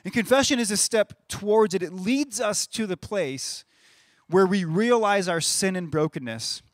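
High-voiced man preaching casually. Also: moderate pace, no room sound, clean studio sound. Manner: conversational, repeats words when starting phrases. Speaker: pastor. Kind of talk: sermon.

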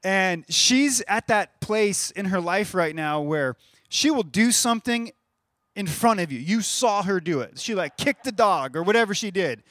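A man in his thirties delivers a sermon in an easy, conversational manner, doubling words as he gets each thought going. His voice sits high for a man, and the recording is dry with no room echo. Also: animated, a little slow, a bit bright. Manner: conversational, repeats words when starting phrases. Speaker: pastor.

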